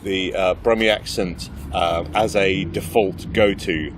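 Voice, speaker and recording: Low-voiced, hesitant male host. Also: fairly even intonation, takes it slowly, a little hiss or hum. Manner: hesitant, searching for words, laughing easily. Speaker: podcast host. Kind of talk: casual chat.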